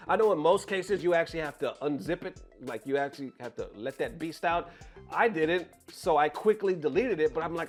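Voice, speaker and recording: A man with a high, lively voice that swoops up and down tells his story straight to camera from his bedroom. He talks in a casual, profane and exasperated way. Faint music sits underneath. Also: a little fast. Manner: animated, profane, exasperated retelling. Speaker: content creator.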